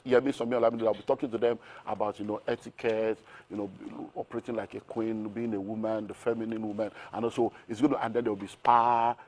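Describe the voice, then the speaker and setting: Fast-talking Nigerian man. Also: lowish voice, slight background noise. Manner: energetic, piles up rhetorical questions. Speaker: business mentor as guest. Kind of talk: animated interview talk.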